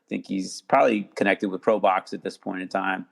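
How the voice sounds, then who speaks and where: A man talking casually as a podcast guest, halting with many restarts and fillers. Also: low voice, flat delivery, vocal fry. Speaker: guest attorney.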